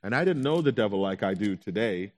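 A young adult man, a pastor, telling his own story in a sermon with animated delivery, acting out his anxious thoughts in quotes. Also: fairly low pitch, fairly quick. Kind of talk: sermon testimony.

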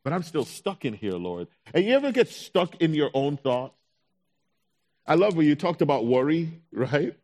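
A young adult man, a pastor, telling his own story in a sermon with animated delivery, acting out his anxious thoughts in quotes. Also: a little high, normal speed. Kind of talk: sermon testimony.

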